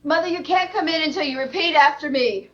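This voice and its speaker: A woman's voice: high voice, fairly quick, lightly acted. A woman playing an outspoken adult daughter who talks earnestly and emphatically. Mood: firm. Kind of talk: stage play acting. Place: theater stage. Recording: dull lo-fi stage recording.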